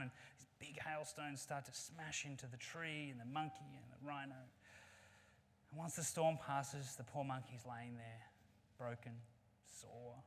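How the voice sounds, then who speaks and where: A man's voice: mid-range voice, a bit bright, slight background noise. Earnest man telling a story in a hall. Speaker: conference speaker. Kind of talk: storytelling keynote talk. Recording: long reverb of a large hall.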